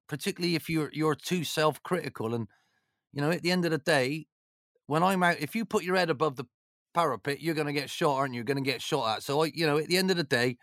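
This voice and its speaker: Animated man, lively rambling talk. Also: a little high, no echo, studio quality. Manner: animated, rambling, jokey, many "you know"s. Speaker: former football manager, interview guest. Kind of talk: casual storytelling chat.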